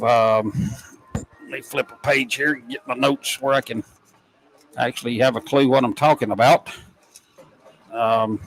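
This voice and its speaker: A man calling a high school football game play by play, folksy and excitable. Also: low-quality recording. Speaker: play-by-play announcer.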